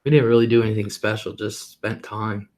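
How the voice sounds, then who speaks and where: A man's voice: fairly low pitch, little pitch movement, fairly quick, a little mellow. Chatty middle-aged man rambling on. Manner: chatty and rambling, laughs often, swears casually. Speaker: livestream host. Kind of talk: casual livestream chat.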